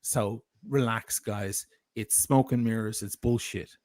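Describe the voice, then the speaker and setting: A man's voice: fairly low pitch, fairly even intonation, a little slow, a little mellow, no echo, clean studio sound. A man telling a heated, profane story of grievance as a guest on a livestream. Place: lives in Italy.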